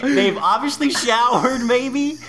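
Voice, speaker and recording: A man's voice: extremely high pitch, animated, slow pace, a crowd in the background. A man co-hosting a casual podcast, telling bits playfully and laughing often. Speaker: podcast co-host. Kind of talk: casual chat.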